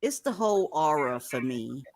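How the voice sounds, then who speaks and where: A woman's voice: low voice, big pitch swings, moderate pace, dry recording, clean studio sound, faint music behind. Profane, blunt woman hosting a livestream. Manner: blunt, profane, reads chat comments aloud, bursts into loud scolding. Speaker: livestream host. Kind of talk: profane casual livestream commentary.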